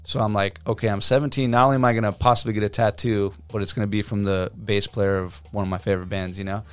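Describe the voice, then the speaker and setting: A man's voice: fairly low pitch, quick pace, clean tone, no echo. A man in his thirties, a tattoo artist guest, telling his story casually and acting out what people said. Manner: animated storyteller, acts out quotes, many fillers.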